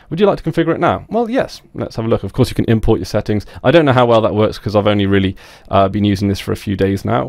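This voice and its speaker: A young man hosting a casual app walkthrough over a screen recording, chatty and relaxed with many fillers. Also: fairly low pitch, vocal fry, no echo, studio quality. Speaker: tech video host.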